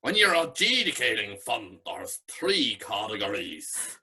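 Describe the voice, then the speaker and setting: Big drunk Belfast man as a man puts him on, gruff, blunt, lively swoops, husky bright tone. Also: lowish voice, unhurried, full character voice.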